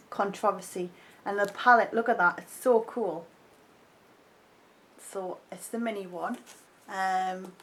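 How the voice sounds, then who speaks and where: An excitable woman, unboxing makeup for her vlog. She chats straight to her viewers in a casual, gushing way. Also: mid-range voice, slight background noise, rough recording. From North East England. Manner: excitable, chatty, talks to the viewer. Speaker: beauty vlogger.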